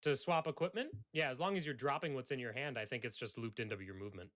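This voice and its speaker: A man's voice: mid-range voice, fast, fairly bright tone. A man narrating as game master of a tabletop role-playing game, laughing often with his players.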